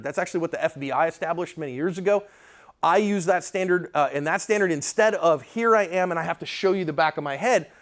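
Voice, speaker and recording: A man teaching a live pistol class, blunt and emphatic, often checking in with his students as he lectures. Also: fairly high pitch. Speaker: firearms instructor.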